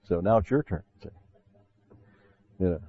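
Low-pitched and expressive, a man preaching as pastor moves at a moderate pace, chatting through his sermon with many "see" asides and building to emphasis on scripture quotes. The audio is dull with slight background noise.

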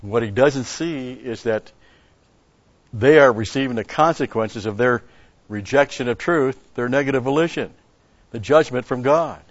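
A man's voice: mid-range voice, moderate pace, no echo, lo-fi sound. A man preaching a sermon, telling a story and asking rhetorical questions with an occasional chuckle.

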